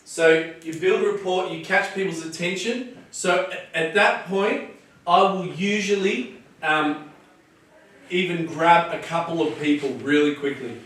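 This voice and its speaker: Energetic Australian man teaching, echoey. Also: fairly high pitch, a little slow. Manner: energetic, punchy, emphatic. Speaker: evangelist teaching street preaching. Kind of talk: lively teaching talk. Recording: echoey room from far off.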